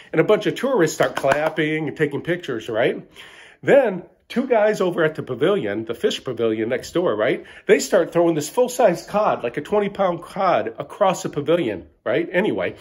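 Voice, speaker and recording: Middle-aged man, boastful bro comic monologue, husky voice with lively swings. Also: fairly high pitch. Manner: boastful bro-ish, tags lines with "right?". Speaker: comedic storyteller. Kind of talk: mock-bragging comic monologue.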